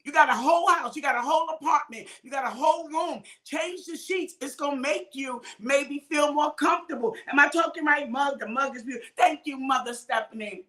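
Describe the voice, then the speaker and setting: A woman minister preaching informally to online viewers, exhorting them, calling out names and often shouting. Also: high voice, fairly quick, hardly any pauses. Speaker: minister hosting a midday livestream.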